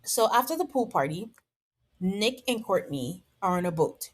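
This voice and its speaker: A woman's voice: medium pitch, expressive, moderate pace, slightly rough. A woman hosting a podcast, recapping a reality show in casual chat with sarcastic, exasperated asides, acting out what the cast says. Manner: exasperated, sarcastic, acts out the cast members' lines.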